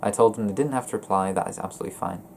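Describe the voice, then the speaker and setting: A young man vlogging about his feelings in a flat, monotone voice, hesitant and often stopping to correct himself. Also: fairly low pitch, vocal fry, a little hiss or hum. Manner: hesitant, halting and self-correcting. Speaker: gaming YouTuber. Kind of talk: personal confessional vlog.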